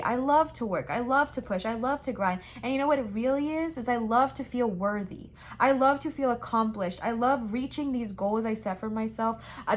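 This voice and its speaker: A young woman giving a casual tarot reading, talking with emphatic, repeated reassurances and slangy, chatty phrasing. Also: a little high. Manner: chatty and slangy, says frickin' and bestie. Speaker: tarot reader.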